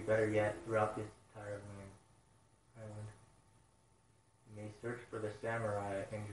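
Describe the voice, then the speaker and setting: A man voicing a proud, formal male dog duke, reading the lines in a measured, quiet way. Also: fairly low pitch, slight background noise, close to an everyday voice. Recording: roomy sound, mic at a distance.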